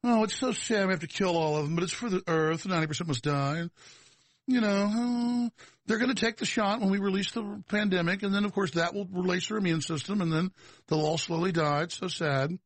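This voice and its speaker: Man mocking a condescending elite villain, fake sorrow, husky, raised pitch. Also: a little fast, no room sound. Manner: mock-sad, condescending. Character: smug male elite villain feigning sorrow.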